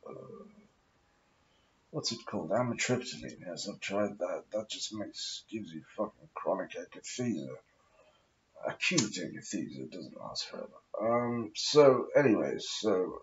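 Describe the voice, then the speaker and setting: A man's voice: fairly low pitch, very animated, a little slow, dull audio, slight background noise. A man with a posh English accent, rambling through a sweary, self-mocking vlog monologue while smoking. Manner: profane, meandering, self-mocking asides. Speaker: vlogger.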